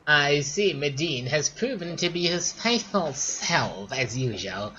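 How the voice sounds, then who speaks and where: A man voicing a smooth, sly older wizard lord in a fantasy game, speaking in a coaxing, ingratiating way. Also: a little high, expressive, takes it slowly, bright, forceful tone, lo-fi sound, a little hiss or hum, voice pushed up, heavily acted.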